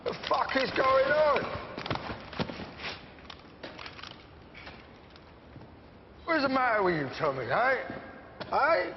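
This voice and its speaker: An actor playing a volatile, swaggering middle-aged London gangster with a gruff, profane, rambling manner and a London accent. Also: male voice, very high-pitched, sing-song, moderate pace, big-room sound, muffled recording, slight background noise, heavily acted. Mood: furious. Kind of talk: TV crime drama acting.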